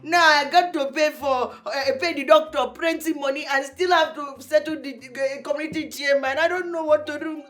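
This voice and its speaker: A woman's voice: high-pitched, steady tone, moderate pace, few pauses, fairly bright tone. An actress playing a stressed woman trader in debt, speaking with a Nigerian accent and complaining wearily. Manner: complaining, weary, sighing.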